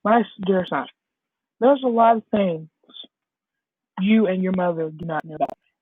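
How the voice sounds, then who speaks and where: A mysterious father speaks to his son in slow, grave warnings, as a woman puts him on. The voice is husky and close. The recording is dry and tinny. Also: fairly low pitch, dry recording, lightly acted. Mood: solemn. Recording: husky, dry, phone-like lo-fi audio.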